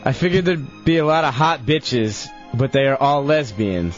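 A young man on a radio show reads his old diary aloud, sounding sloppy, laughing, and drunk. His mid-range voice is expressive and moves at a normal speed. The broadcast sounds dull and lo-fi, with faint music underneath.

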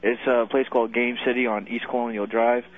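A man's voice: mid-range voice, little pitch movement, brisk, dry recording. Enthusiastic male caller on a phone line. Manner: enthusiastic, laid-back slang. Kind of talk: casual phone call.

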